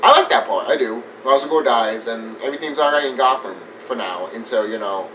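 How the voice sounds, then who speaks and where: A man giving a casual, animated movie review rant. He swears often, laughs a lot and mimics scenes as he talks. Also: mid-range voice, fairly quick. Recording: distant mic with faint background noise.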